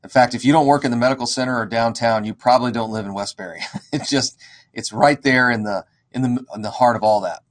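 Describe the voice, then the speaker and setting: A man telling a casual, animated story to an audience, acting out the dialogue. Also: medium pitch, fast talker. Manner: animated, acts out quoted dialogue. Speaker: real estate investor and educator.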